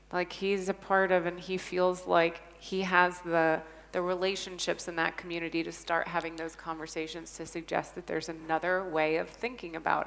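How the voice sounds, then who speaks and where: On a conference panel, a woman tells a story earnestly and enthusiastically, stressing words emphatically. Her voice is on the low side and a bit bright, and the conference hall gives it a long reverb.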